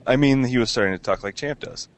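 A man's voice: mid-range voice, quick pace, a little hiss or hum. A man chatting casually, rambling and laughing, with lots of fillers and restarts. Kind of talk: casual chat.

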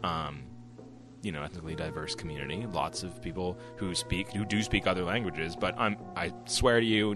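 A man co-hosting a casual podcast, telling a story with lots of swearing and acted-out quotes. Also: sits low. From Canada. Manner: animated storyteller, swears freely, acts out quotes. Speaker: podcast co-host. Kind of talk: casual chat.

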